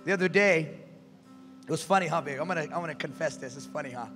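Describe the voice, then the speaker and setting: A male pastor preaching a sermon, animated and calling out to his congregation. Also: a little high, fast talker. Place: church sanctuary. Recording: reverberant church hall, faint music.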